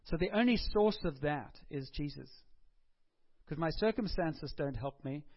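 A man preaching a sermon as pastor in a lively, conversational way. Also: on the high side, measured pace, slightly rough, highs cut off. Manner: animated, conversational preaching with acted quotes.

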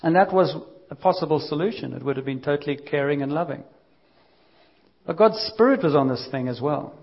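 A man's voice: a little high, a little fast, gravelly, slightly rough, dull audio. A man preaching a sermon, telling a Bible story in a conversational way and acting out the quotes.

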